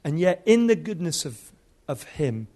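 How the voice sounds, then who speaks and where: High-voiced animated male preacher. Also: unhurried. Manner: animated, humorous storytelling. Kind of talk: storytelling sermon.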